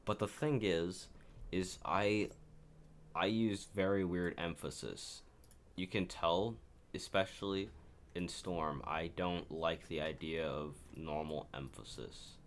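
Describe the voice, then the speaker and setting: Man, deep voice, casual rambling commentary, self-correcting, composer at work. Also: steady tone, slow pace. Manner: rambling, self-correcting, talks while working. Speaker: composer showing his own piece. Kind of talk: casual screen-share commentary.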